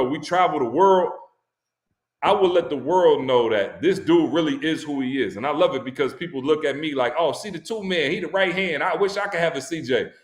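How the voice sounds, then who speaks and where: A man's voice: on the high side, echoey room. A man telling a heartfelt story about a friend on a live stream, emphatic and slangy. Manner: emphatic, slangy storytelling, voice climbs when excited. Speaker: guest speaker at a launch stream.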